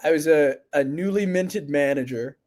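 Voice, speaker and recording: A man's voice: fairly high pitch, moderate pace. A man hosting a podcast, telling a story casually and acting out quotes with laughter. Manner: animated, acts out quotes with laughs. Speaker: podcast host.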